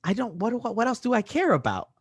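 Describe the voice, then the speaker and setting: A man's voice: very high-pitched, very animated, fast talker, slightly rough, no room sound, clean studio sound. A young man from Orlando co-hosting a sports podcast, arguing his points with playful ribbing. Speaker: podcast co-host. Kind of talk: casual sports debate.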